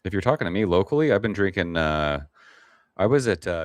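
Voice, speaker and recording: Very deep-voiced man in laid-back chat. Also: expressive, fast talker, no echo, clean studio sound. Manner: laid-back, rambling, swears casually, reads chat aloud. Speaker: livestream host. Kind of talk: casual live-stream chat.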